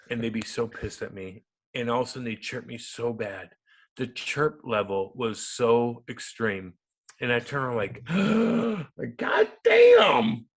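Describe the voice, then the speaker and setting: A man in his thirties tells stories as an interview guest, loud and profane, then dropping to mumbled asides. His voice sits at an ordinary middle pitch. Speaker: guest, former hockey enforcer and radio host. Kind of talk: animated interview storytelling.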